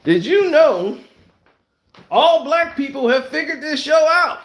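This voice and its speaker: A man with a high, lively voice rants about a TV series at an unhurried pace, laughing often and slipping into other people's voices. His voice rings out in an echoey room. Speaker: TV review vlogger. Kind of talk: casual comedic review rant.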